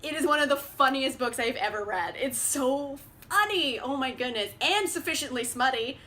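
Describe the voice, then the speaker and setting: Bright, bubbly young woman vlogger. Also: sits high, expressive, brisk. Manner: bubbly, chatty, lots of "like" and laughs. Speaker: book vlogger. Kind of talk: casual book haul chat.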